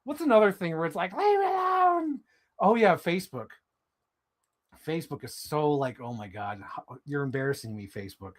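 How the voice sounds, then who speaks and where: Animated swearing male streamer. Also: moderate pace. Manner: animated, swearing, jumps into high mock voices. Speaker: live streamer. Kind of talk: casual live stream chat while handling toy figures.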